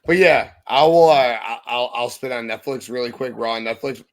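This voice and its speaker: A podcast co-host with a mid-range voice speaks fairly quickly. He delivers a heated, profane, impassioned rant reviewing wrestling.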